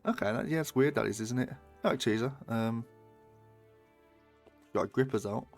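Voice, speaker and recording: A man's voice: mid-range voice, normal speed, soft background music. A British man streaming a game, chatting casually, swearing and bantering with his chat. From Britain.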